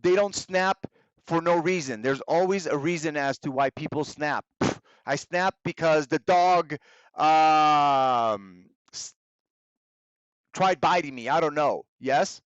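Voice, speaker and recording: Patient and plain-spoken, a young male teacher leads a live online English class, moving between English and Spanish. His fairly high voice goes slowly and carefully, captured with no echo on what sounds like a simple, somewhat dull streaming mic.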